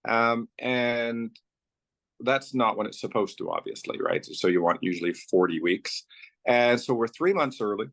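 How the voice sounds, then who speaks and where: Male guest, founder type, mid-pitched voice, loose chatty storyteller, lots of "so" and "like". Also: expressive, unhurried, a bit bright. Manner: loose and rambling, strings clauses with "so" and "like". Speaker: company founder telling his story as a guest. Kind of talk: casual conversational storytelling.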